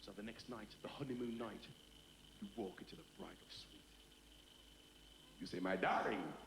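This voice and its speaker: A stand-up comedian telling a story on stage and acting out its characters. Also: male voice, fairly low pitch, normal speed, creaky. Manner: storytelling, acts out lines in voices. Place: live comedy venue. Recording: roomy noisy live tape.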